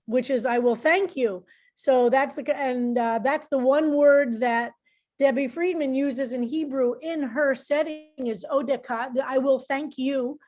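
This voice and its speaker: A woman's voice: high voice, fairly even intonation, unhurried, a little mellow. A middle-aged woman rabbi teaching a psalm class in an informal, explanatory way, often restarting her sentences.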